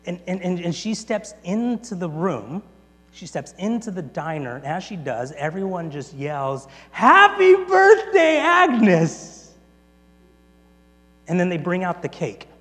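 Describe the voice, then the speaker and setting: Guy giving a sermon, kinda high voice, tells it big then goes quiet, long echo in a big hall. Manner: animated retelling with big swings in loudness, quick restarts. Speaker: preacher. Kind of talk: sermon storytelling. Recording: long reverb in a large hall, faint mains hum.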